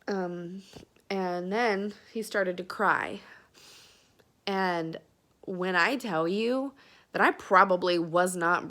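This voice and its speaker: A woman's voice: mid-range voice, fairly bright tone. A young woman tells a personal story to the camera, close to tears and full of fillers. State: tearful. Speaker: vlogger.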